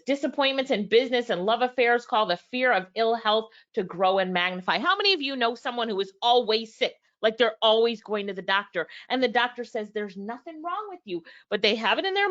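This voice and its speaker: A woman's voice: fairly high pitch, lively intonation, normal speed, hardly any pauses, a bit bright, lo-fi sound. A woman reviewing a book live, reading passages aloud and talking straight to her viewers, acting out both sides of past conversations. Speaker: book reviewer and business owner.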